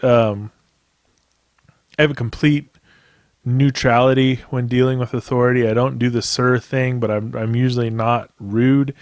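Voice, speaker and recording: A man's voice: mid-range voice, no room sound, studio quality. A man hosting a podcast, telling a long personal story in a casual, profane, rambling way and laughing now and then. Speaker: podcast host.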